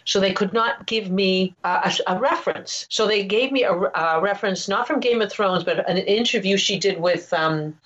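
A woman's voice: medium pitch, moderate pace, few pauses, fairly bright tone, dull audio. A woman voice actor telling a story in a casual interview, rambling with many restarts and asides.

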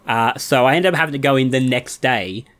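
A man's voice: medium pitch, a little fast, a bit bright. Man, podcast co-host; casual, dry, matter-of-fact storytelling.

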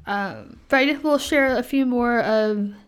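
Young woman cohosting a bible study podcast, chatty and relaxed, kinda high voice, lots of ums. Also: unhurried, clear, resonant tone. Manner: chatty, many fillers, laughs easily. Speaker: podcast co-host. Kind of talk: casual Bible study chat.

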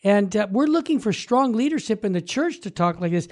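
A talk show host with a fairly high male voice chats casually. He jumps in with eager, emphatic remarks and rough restarts. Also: animated, a little fast, a little mellow.

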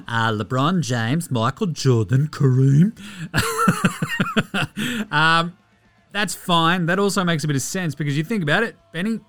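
Hosting a laid-back sports news podcast, this Australian man speaks in a high-pitched, sharp voice. His rants are sarcastic and full of swearing, aimed at mocking whoever he's talking about.

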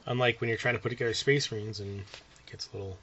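A man with a bright, forceful tone chats about his hobby. He talks eagerly and haltingly, with frequent restarts and filler. The recording is muffled and lo-fi. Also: on the low side, fairly even intonation, a little hiss or hum. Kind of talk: casual hobby chat. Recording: dull lo-fi recording.

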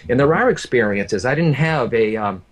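A medium with an animated, mid-range voice speaks at a moderate pace as he earnestly recounts an emotional experience of his own. He repeats words frequently and speaks directly to the listener.

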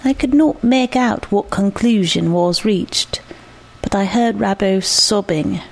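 A woman reading a short story aloud, measured and reflective. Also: medium pitch, creaky. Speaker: narrator.

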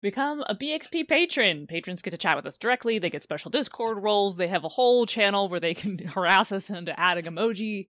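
A woman's voice: mid-range voice, animated, fast talker, few pauses, fairly bright tone, dry recording, clean studio sound. A woman co-hosting a tabletop gaming podcast, chatting casually, reading plugs and laughing often. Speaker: podcast co-host.

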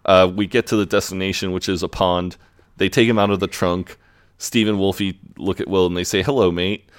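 A man recapping a TV episode on a casual podcast, retelling scenes in a relaxed way. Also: low voice, a little fast, smooth, dry recording, clean studio sound. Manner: relaxed retelling, quoting characters in plain voice. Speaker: podcast co-host.

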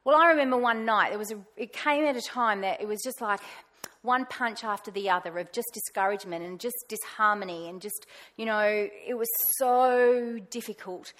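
A woman tells a personal faith story from the front. She talks in a lively, animated way and acts out her own past words in a raised voice. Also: a little high, normal speed. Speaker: pastor's wife sharing testimony. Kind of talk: personal testimony talk.

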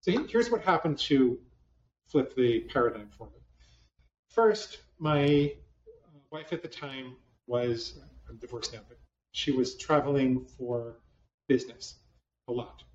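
A psychologist gives a conversational talk to a live audience in a hall, mixing self-deprecating humor with many restarts. His voice is mid-range, with lively intonation and an unhurried delivery. The recording is roomy, distant and dull, with a lo-fi hall sound.

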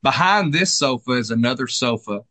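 A man co-owning a furniture store, casually walking through the showroom and describing pieces in a relaxed, friendly sales manner. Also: medium pitch, moderate pace, no echo.

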